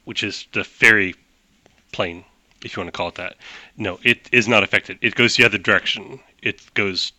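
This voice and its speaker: A man's voice: lowish voice, normal speed, pushed and bright, no echo. A man narrating a tabletop game as game master, explaining rules at length with frequent restarts.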